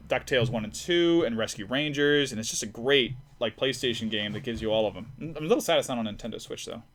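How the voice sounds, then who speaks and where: Lively, bright-voiced man streaming casually. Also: mid-range voice. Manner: rambling, self-deprecating, many restarts. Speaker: live stream host. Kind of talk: casual chat while drawing.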